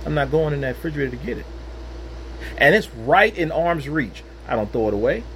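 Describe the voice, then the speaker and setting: A man's voice: a little high, lively intonation, a little fast, fairly bright tone, slight background noise, rough recording. A man giving an earnest, personal devotional talk into his own microphone, emphatic and repeating phrases for weight. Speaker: Christian speaker.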